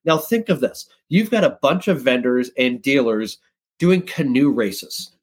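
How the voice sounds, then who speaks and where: A man talking as a guest on a podcast, telling stories in a casual, lively way and jumping up in pitch when he gets excited. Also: unhurried, slightly rough. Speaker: guest, sales director.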